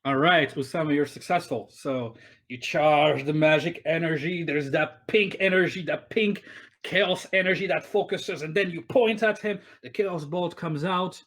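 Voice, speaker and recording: A man's voice: a little high, moderate pace, a bit bright. Casual rambling male game master. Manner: rambling, with many fillers and restarts. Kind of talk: narrating a tabletop game. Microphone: online voice call.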